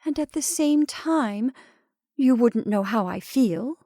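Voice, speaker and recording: A woman's voice: expressive, slow, dry recording, clean studio sound. A woman doing a meek, plaintive wife. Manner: soft, high, plaintive. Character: meek sly put-upon wife.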